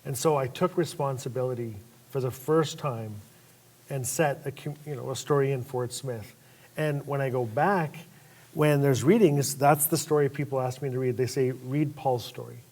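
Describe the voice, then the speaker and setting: A man telling stories on a panel at a lecture event, lively and acting out voices of the people in his stories. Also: medium pitch, moderate pace. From Northwest Territories, Canada. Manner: animated storyteller who acts out voices. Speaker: panel guest author. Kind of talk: storytelling on a panel.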